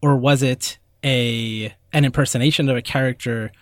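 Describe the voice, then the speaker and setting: A man's voice: mid-range voice, fairly even intonation, moderate pace, no echo, clean studio sound. A man co-hosting a casual podcast discussion, asking probing questions in an inquisitive way. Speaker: podcast co-host.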